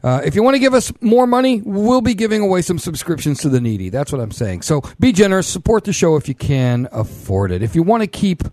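A man's voice: high-pitched, sing-song, fast talker, hardly any pauses, warm tone, dry recording, clean studio sound. A man hosting a casual call-in show, loose and rambling with lots of fillers. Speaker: podcast host.

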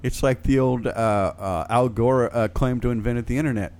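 A man's voice: medium pitch, normal speed, darkish tone. A man co-hosting a casual panel chat with a dry, wisecracking manner. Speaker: co-host.

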